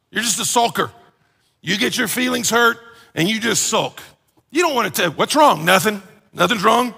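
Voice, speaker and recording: A man preaching a conversational sermon as pastor, animated and joking, acting out everyday complaints. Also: high-pitched, creaky, husky, long reverb tail.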